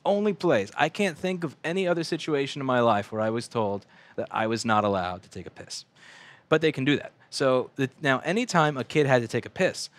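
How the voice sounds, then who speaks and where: Profane rambling man ranting at his bench. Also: mid-range voice. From United States. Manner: profane, rambling, animated rants with mocking put-on voices. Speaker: repair shop owner streaming bench work. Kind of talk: casual ranting livestream.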